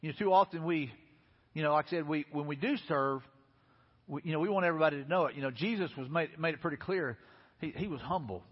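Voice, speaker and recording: A man's voice: fairly high pitch, fast, breathy edge. A man preaching a sermon as pastor in a casual, conversational way, talking straight to the congregation. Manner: casual, conversational preaching with lots of "hey, listen" and "you know". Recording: long hall reverb, dull lo-fi sound.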